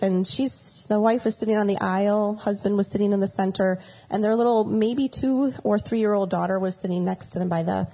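A woman's voice: medium pitch, gravelly, warm tone, breathy edge, rough recording. A middle-aged woman giving a chatty storytelling talk with a faith reflection, rambling and slipping into acted quotes.

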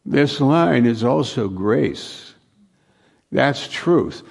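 A man's voice: mid-range voice, animated, takes it slowly, creaky, a little mellow. A man preaching a conversational sermon, repeating phrases for emphasis. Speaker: pastor.

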